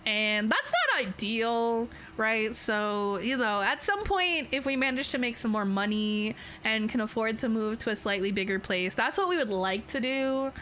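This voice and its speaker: A young adult Canadian woman with a Canadian accent chats on a livestream from her bedroom VTuber setup at a moderate pace with few pauses. Her fairly high, slightly bright voice carries playful rambling and frequent laughter over slight background noise.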